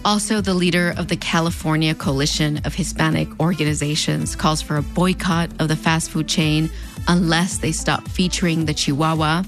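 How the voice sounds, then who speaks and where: A woman with a fronterizo border accent narrates a scripted video essay, her voice on the lower side for a woman. She keeps things wry and conversational, slipping in playful sarcastic asides. Faint music plays quietly underneath. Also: steady tone, normal speed. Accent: fronterizo Mexican border Spanish-influenced English.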